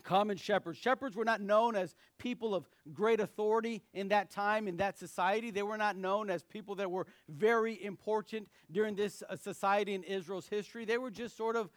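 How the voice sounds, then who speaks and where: Young guy preaching, kinda high voice, acts out the story, dry sound. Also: fairly even intonation, brisk, few pauses, no room sound. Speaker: pastor. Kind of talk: sermon with personal story.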